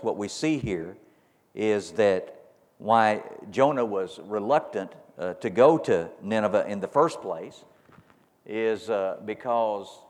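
A man preaching a sermon as pastor to his congregation, firing repeated rhetorical questions that build to emphatic peaks. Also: fairly low pitch. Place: church sanctuary. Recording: long reverb of a large hall.

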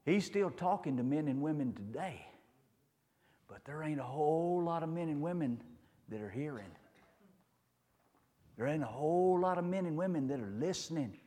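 A man's voice: a little high, lively intonation, normal speed, long pauses, dark tone, big-room sound. A man preaching a sermon in a folksy, storytelling way, repeating his phrases and asking the listeners "huh?".

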